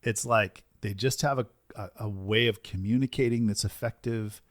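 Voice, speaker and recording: A man hosting a business podcast, talking in an energetic, emphatic way and often tagging his points with "right?". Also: fairly low pitch, normal speed, dry recording, clean studio sound. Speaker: podcast host and business coach. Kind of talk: casual podcast conversation.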